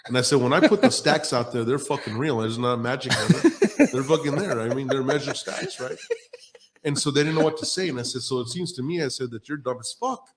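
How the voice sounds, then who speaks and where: A male podcast host speaks at a brisk clip in a medium, animated voice. Blunt and foul-mouthed, he tells stories casually and acts out the people he quotes.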